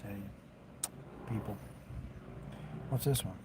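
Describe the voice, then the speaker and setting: Over a noisy background, a man speaks slowly in a lowish voice. He's a delivery driver streaming live, rambling in homespun fashion and saying aloud which orders he's rejecting.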